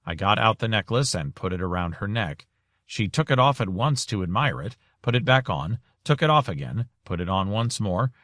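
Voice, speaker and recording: A man narrating an audiobook in a measured, composed way. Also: on the low side, fairly bright tone, dry recording, studio quality. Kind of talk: scripted narration.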